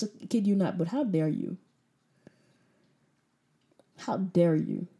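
Female preacher mid-sermon: warm, mellow voice, hammering points with rhetorical questions. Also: medium pitch. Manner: emphatic, rhetorical questions, repeats phrases.

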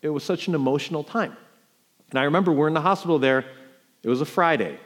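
A middle-aged man from New York preaching a sermon, telling a personal story with sharp swings between loud emphasis and hushed quiet. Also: a little high, quick pace. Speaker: pastor.

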